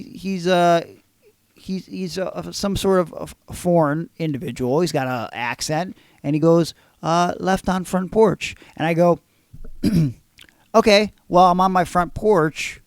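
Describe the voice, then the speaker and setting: A man hosting a podcast, telling stories in a casual, animated, profane way. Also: fairly high pitch, no room sound, studio quality. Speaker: podcast host. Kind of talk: casual chat.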